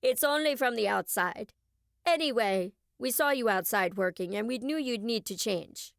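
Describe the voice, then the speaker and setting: A woman's voice: on the high side, animated, moderate pace, vocal fry, dry recording, studio quality. A woman voicing a polite, composed male chauffeur with a slight foreign accent in an audiobook. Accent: slight unplaced foreign accent. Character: calm mysterious male chauffeur.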